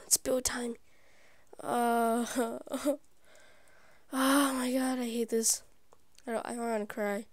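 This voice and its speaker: A woman hosting her gaming channel, giving live gameplay commentary; excitable and easily frustrated, she often drops into whispered asides. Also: sits high, slow pace, pauses often, no room sound, studio quality. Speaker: YouTube gaming channel host.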